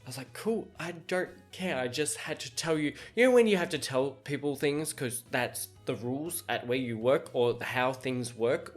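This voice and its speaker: Animated laughing storyteller, higher-voiced man. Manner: animated, laughs often, acts out quoted dialogue. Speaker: podcast host. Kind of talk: casual storytelling monologue.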